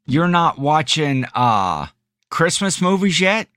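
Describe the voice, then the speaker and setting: A man's voice: on the high side, very animated, slow, a bit bright, dry recording. A man co-hosting a podcast in casual chat, rambling with frequent laughs and restarts. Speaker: podcast co-host.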